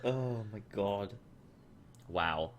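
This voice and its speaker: A man co-hosting a casual podcast, laughing often and reacting with slow, drawn-out comments. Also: on the low side, a little hiss or hum. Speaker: podcast co-host. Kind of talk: casual chat.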